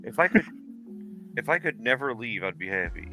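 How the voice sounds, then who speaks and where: A man's voice: medium pitch, sing-song, a little fast, over music. A man talking as a podcast guest in easygoing, self-mocking casual chat through a broken mic.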